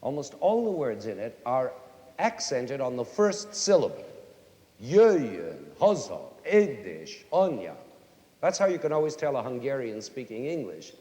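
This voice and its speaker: Animated man lecturing in a concert hall. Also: mid-range voice, normal speed. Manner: animated, sings and hums short folk tunes to demonstrate. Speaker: conductor and music educator. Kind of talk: lively spoken lecture to a young concert audience. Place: large concert hall with audience. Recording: roomy concert hall reverb, faint hiss.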